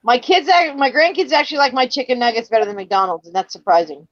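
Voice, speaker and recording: A woman's voice: fairly high pitch, fast talker, no echo. Blunt, swearing grandmother, dry and dull. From New Jersey. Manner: blunt, swears freely, tells stories with quoted voices. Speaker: livestream host. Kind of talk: casual chat.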